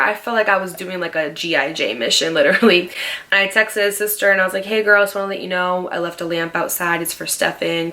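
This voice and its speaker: Bright-voiced young woman in her twenties, casual storytime vlogger, chatty and swears a lot. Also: medium pitch. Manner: chatty, heavy on "like", swears freely.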